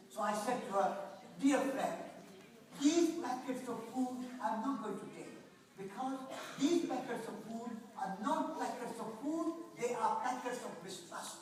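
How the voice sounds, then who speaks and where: A man, telling stories in a lively way at a conference talk. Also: extremely high pitch, measured pace. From India. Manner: animated storyteller, often laughing. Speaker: speaker at a conference. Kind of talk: storytelling talk. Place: lecture hall. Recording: echoey hall, voice from far off.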